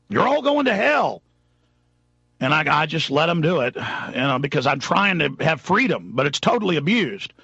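A male radio show host delivering an impassioned, rambling monologue that shifts between low mutters and shouts. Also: husky, dry recording. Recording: dry, dull lo-fi recording.

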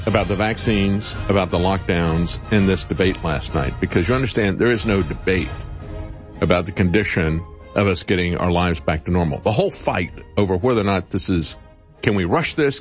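On his political talk show, a man offers animated, opinionated commentary laced with sarcasm, mimicking people mockingly and pitching up as he quotes them.

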